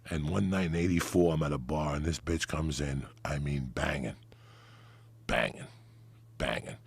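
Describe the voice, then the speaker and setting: A man's voice: rumbling low, unhurried, gravelly, pauses often, breathy edge, no echo. A middle-aged man, telling a crude comic story on a podcast in a profane, rambling way. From New Jersey. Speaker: podcast guest.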